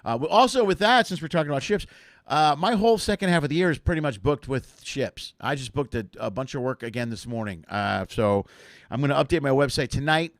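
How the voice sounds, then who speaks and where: A man's voice: mid-range voice, lively intonation, fairly quick, no room sound, studio quality. A man hosting his own livestream show, chatting casually and rambling with lots of fillers and restarts. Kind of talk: casual solo livestream chat.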